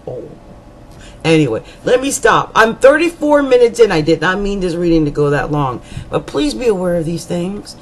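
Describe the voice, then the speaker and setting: Lively, rambling woman astrologer. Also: on the low side, moderate pace, slight background noise, rough recording. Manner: rambling, colloquial and chatty, with asides and jokes; repeats words for emphasis. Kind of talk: monthly horoscope reading to camera.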